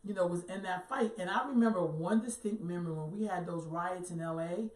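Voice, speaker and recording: A middle-aged woman with a lowish voice tells stories in a casual, earthy way, hitting her points hard. She sounds set back from the mic in a roomy, echoing space. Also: a little fast, a little mellow. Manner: storytelling, earthy, emphatic, swears casually. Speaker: co-host. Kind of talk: casual talk show chat. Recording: roomy echo, far from the mic.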